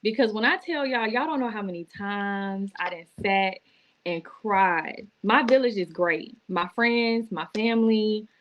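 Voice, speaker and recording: A woman's voice: medium pitch, unhurried, muffled recording. Woman, teary live-stream testimony to her viewers, casual and emotional. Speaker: vlogger going live. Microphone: laptop or phone.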